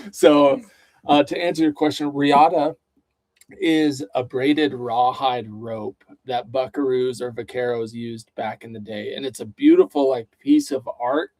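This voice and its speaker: A man's voice: medium pitch, expressive, a little slow, darkish tone, dry recording. A man co-hosting a casual livestream chat, reading out viewer questions in an easygoing way. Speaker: co-host.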